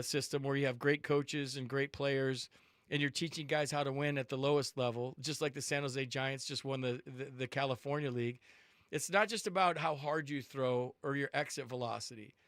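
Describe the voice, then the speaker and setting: A man's voice: fairly high pitch, fairly bright tone, no room sound, studio quality. A man hosting a sports call-in radio show, talking emphatically and repeating words for stress.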